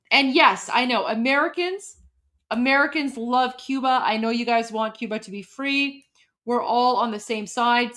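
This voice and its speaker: A woman from Iran chatting on a casual livestream, emotional and halting, with many restarts and repetitions. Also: sits high, a bit bright. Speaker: livestream host.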